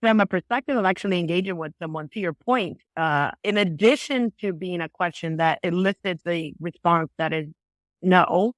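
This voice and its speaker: A woman speaking as a podcast guest, explaining her points emphatically in quick bursts. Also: lowish voice, no room sound. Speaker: podcast guest, business advisor. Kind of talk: conversational interview.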